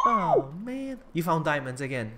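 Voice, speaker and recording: A man's voice: high-pitched, background noise. A man co-hosting a game livestream, chatting casually, laughing a lot and yelping when startled. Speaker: co-host playing along. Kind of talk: casual live gameplay chat.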